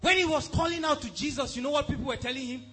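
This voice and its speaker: A man with a strikingly high voice preaches a sermon at a church service. He speaks emphatically and checks in with the congregation again and again. Soft music plays quietly behind him. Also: fast talker. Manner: emphatic, repeatedly asks the congregation if they are following. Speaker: pastor.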